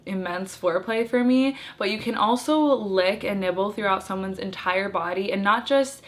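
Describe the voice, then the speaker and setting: Young woman, casual vlog host, candid and chatty, middle-pitched voice. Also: moderate pace. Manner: chatty and frank, laughs lightly. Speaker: video creator giving intimacy tips.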